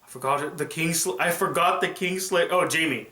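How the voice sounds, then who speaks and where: Male TV reviewer, high and bright voice, excitable retelling, echoey room. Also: moderate pace. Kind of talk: casual reaction review.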